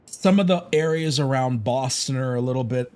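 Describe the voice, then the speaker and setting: A man's voice: mid-range voice, normal speed, a little mellow. An American man streaming a game, musing aloud in a rambling, casual way with many fillers and some swearing. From United States. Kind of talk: casual live-stream chat while playing.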